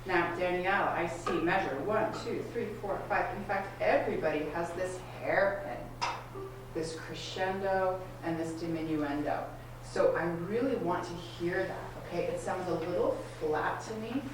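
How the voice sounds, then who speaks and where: A woman's voice: on the low side, normal speed, noisy background. A woman coaching a student string ensemble in a masterclass, giving encouraging, direct instructions and asking many questions. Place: rehearsal room at a community center. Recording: echoey room, far from the mic. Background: string instruments playing.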